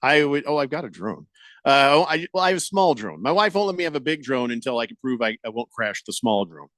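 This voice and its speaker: A man's voice: mid-range voice, very animated, fast, a bit bright, no echo. A middle-aged man, the host of a sports radio show, chatting and joking in a loose, rambling way. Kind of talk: casual radio banter.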